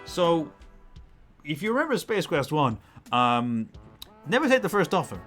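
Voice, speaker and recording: A man's voice: fairly high pitch, big pitch swings, a little slow, pauses often, fairly bright tone, faint music behind. A man giving casual, rambling commentary while playing through an old game. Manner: chatty, rambling asides with fillers. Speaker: let's play host.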